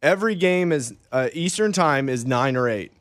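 A man's voice: mid-range voice, lively intonation, normal speed, fairly bright tone, no room sound. A man co-hosting a sports talk show, rambling through jokey stories in casual banter. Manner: joking, rambling storyteller. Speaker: radio show co-host.

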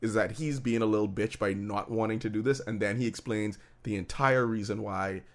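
A man's voice: on the low side, steady tone, a little fast. A man co-hosting a podcast, chatting casually and joking loosely while reviewing a TV episode. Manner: loose, profane, joking banter. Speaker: podcast co-host.

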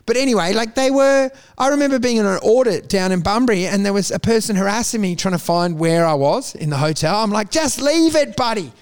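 Man from South Africa, high voice, profane rambling anecdotes, laughs often, casual chat. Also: quick pace, few pauses, clear, resonant tone.

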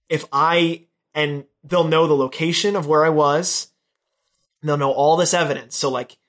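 A young man co-hosting a casual chat, retelling a film's plot with lively delivery and quick imitations of the characters' lines. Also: fairly high pitch. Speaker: podcast co-host. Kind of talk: casual movie recap chat.

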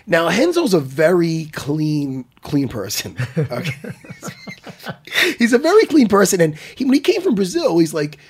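Excitable guy telling a story on a podcast, husky voice, high and bouncy, swears a lot. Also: unhurried. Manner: excitable, swearing, laughing through stories. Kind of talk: animated storytelling.

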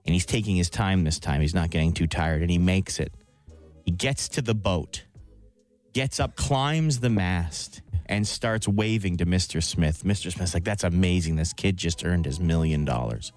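A deep-voiced young man tells a long joke on a radio show. He is playful and quick to laugh. A little music plays faintly under his voice. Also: darkish tone. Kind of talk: casual radio banter, telling a long joke.

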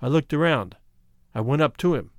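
A man giving a dramatic, expressive reading of a first-person memoir. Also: a little high, normal speed, no echo. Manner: expressive, shifts to stirring emphasis. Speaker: reader.

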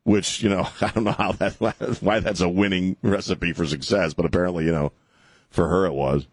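A lower-voiced man riffing through political commentary with a sarcastic, mocking edge. He rambles, restarts and pads his lines with fillers. The sound is dry and close, with no room around it. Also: steady tone, normal speed, no echo. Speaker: talk show host.

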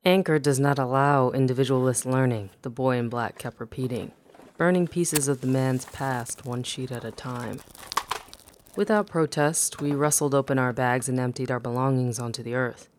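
A man's voice: mid-range voice, moderate pace, no echo. Man narrating a memoir evenly. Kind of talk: first-person memoir narration.

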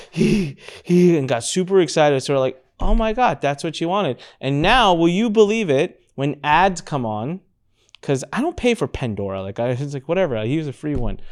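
Animated man hosting a podcast. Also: a little high. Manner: animated storyteller, mimics baby sounds. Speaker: podcast host. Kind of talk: casual panel chat.

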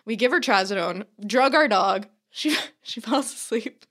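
A young woman co-hosting a podcast, telling a long, animated anecdote in casual chat, full of fillers and swearing. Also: fairly high pitch, measured pace. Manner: animated storyteller, filler-heavy, swears freely. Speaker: podcast co-host.

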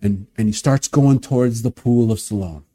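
A man's voice: medium pitch, moderate pace. A male pastor telling a story in a sermon, vividly asking listeners to imagine the scene. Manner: animated, vivid retelling, inviting listeners to imagine.

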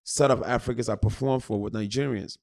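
A middle-aged comedian from Ghana, hosting a casual podcast chat and telling animated stories. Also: male voice, mid-range voice, a little fast, creaky. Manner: animated storyteller, loud when joking.

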